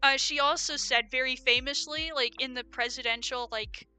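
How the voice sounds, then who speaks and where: A woman's voice: high voice, fairly even intonation, moderate pace, sharp tone, clear, resonant tone, faint music behind. A young American woman with an American accent, giving an opinionated, rambling livestream rant full of fillers. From United States. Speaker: streamer.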